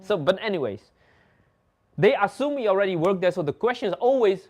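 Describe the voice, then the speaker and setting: A man's voice: high voice, expressive, fairly quick, a little mellow. A man whose first language is Dutch, hosting a livestream and telling casual stories in English. He laughs often and acts out other people's lines. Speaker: livestream host. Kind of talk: casual storytelling.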